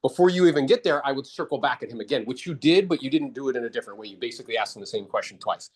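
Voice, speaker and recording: A man's voice: mid-range voice, expressive, rapid-fire, breathy edge. A man coaching a real estate agent after a role-play, blunt and casual, calling him bro. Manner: briefly mimics others in exaggerated voices.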